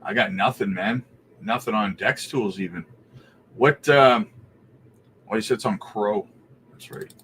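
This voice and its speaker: A man's voice: fairly low pitch, measured pace, long pauses, slight background noise. A Canadian man hosting a casual crypto livestream, reading out viewer questions and thinking aloud as he looks things up. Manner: relaxed, thinks aloud while looking things up.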